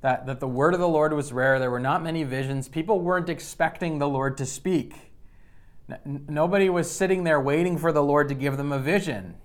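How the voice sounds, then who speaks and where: A man's voice: on the high side, brisk. A man preaching a sermon in a conversational way, often restarting and repeating words. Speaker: pastor.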